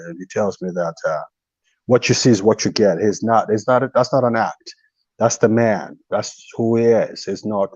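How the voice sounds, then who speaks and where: Chatty low-voiced man. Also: darkish tone, no echo. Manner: chatty, exclamatory, lots of filler pauses. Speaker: caller, medical doctor. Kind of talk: casual call-in commentary. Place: office. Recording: dull lo-fi call audio.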